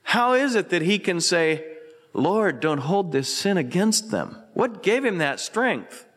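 A man preaching a radio sermon as pastor, earnest, swinging between emphatic lines and hushed, tender ones. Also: sits high, very animated, a little slow, husky, in a large hall. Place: church sanctuary.

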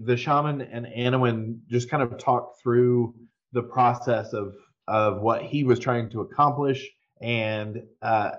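A man narrating as game master, relaxed and unhurried, with many ums and restarts. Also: medium pitch, muffled recording.

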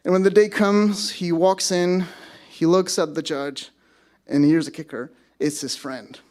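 A man's voice: fairly high pitch, steady tone, measured pace, a little mellow. A man in his thirties from Mexico, a pastor giving a sermon as casual storytelling with self-deprecating humor.

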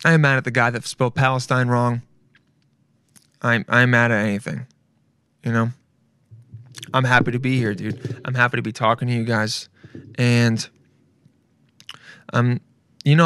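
A man hosting a solo podcast in casual chat, loud and excitable, rambling and swearing freely. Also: mid-range voice, moderate pace, long pauses, dry recording, studio quality. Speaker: podcast host.

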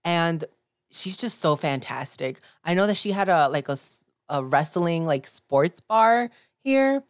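Young woman, low voice, dry close sound, casual excited podcast chat. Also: unhurried, clean tone, no room sound. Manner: excitable, swears casually, acts out her own reactions. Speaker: podcast co-host.

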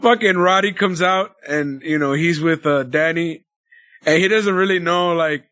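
A man's voice: a little high, moderate pace, fairly bright tone, dry recording. A man co-hosting a casual wrestling chat, loose and profane, rambling with filler words. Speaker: podcast co-host.

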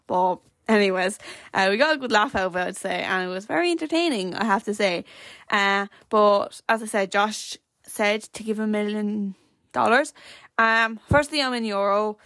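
A woman's voice: mid-range voice, normal speed, fairly bright tone, no echo. Chatty Irish teen girl, very dry sound. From Ireland. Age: teens. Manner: rambling, chatty, full of fillers. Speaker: podcast host. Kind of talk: casual solo podcast chat.

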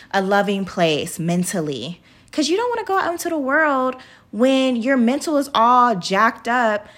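A woman's voice: on the high side, a bit bright. A woman in her thirties hosting a podcast, talking casually and motivationally, chatty, laughing often and calling her listeners y'all. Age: 30s. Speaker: podcast host.

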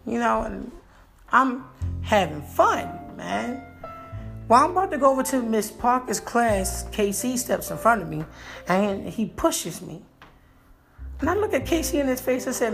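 Brief: a man spinning a funny personal story, playful and animated, with a gravelly edge. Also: high-pitched, measured pace, long pauses, faint music behind. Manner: animated, playful, jokey delivery.

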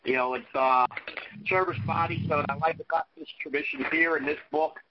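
A man sharing in a group discussion, halting, with many fillers and frequent "okay?" check-ins. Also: mid-range voice, slight background noise. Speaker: recovery meeting participant. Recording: dull lo-fi audio.

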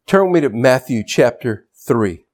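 A man preaching a sermon as pastor, swinging from loud shouted emphasis to quiet, low asides. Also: expressive, normal speed.

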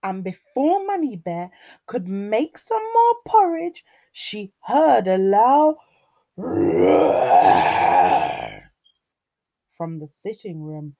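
Slow, sing-song woman storyteller. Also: medium pitch. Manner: expressive, sing-song, talks to children. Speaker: children's storyteller. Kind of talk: reading a children's story aloud.

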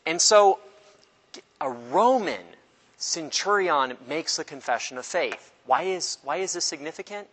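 A man teaching an informal Bible study class, animated and joking, acting out the people in the stories. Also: fairly high pitch, a little slow, big-room sound. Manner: animated, jokey, acts out voices of people in the story.

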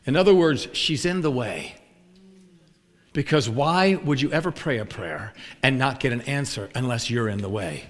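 A man's voice: medium pitch, moderate pace. Man preaching in a reverberant hall. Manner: animated storyteller acting out both sides of a dialogue. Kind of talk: sermon storytelling.

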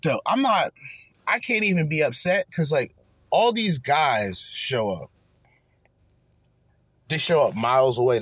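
A man's voice: medium pitch, no echo. Crude, profane man ranting. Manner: crude, profane, mocking rants. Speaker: commentary podcast host. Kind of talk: casual reaction commentary.

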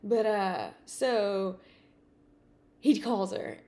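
A woman podcast host telling a personal story in a casual, animated way, with many fillers and acted-out dialogue. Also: mid-range voice, extremely slow.

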